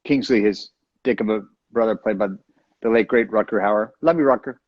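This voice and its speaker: A man chatting as a guest over a video call, playful and joking, with quick asides. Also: fairly low pitch, muffled recording. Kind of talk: casual chat.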